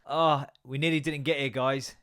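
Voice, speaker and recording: A man in his thirties hosting a solo comedy podcast, ranting with lots of swearing, innuendo and quick mock voices. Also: medium pitch, steady tone. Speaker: podcast host.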